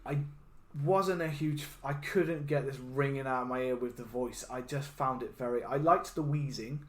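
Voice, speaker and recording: A man's voice: mid-range voice, normal speed, reverberant. A man co-hosting a podcast, talking through a film review in a rambling, self-interrupting way with frequent laughs. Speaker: podcast co-host. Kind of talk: casual film review chat.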